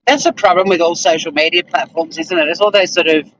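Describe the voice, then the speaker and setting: A woman with a lowish voice talks fast and fairly evenly over dull-sounding audio. She's a streamer doing casual livestream chat, reading viewer comments and ranting bluntly. She sounds exasperated, swears freely, and laughs a lot.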